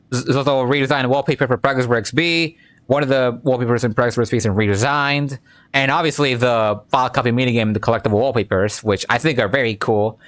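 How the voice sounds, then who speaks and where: A man talks through a game update casually, rambling along with plenty of fillers. His voice sits in a middle pitch. The sound is dry and close. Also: fairly bright tone, no echo. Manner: rambling, laid-back, with many fillers. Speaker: game commentator. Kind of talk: casual gameplay commentary.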